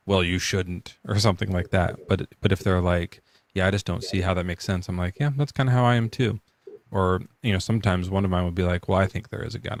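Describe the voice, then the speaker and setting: Low gravelly-voiced male host. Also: dry recording. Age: adult parent. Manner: rambling, filler-heavy, laughs often. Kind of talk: casual live-stream chat.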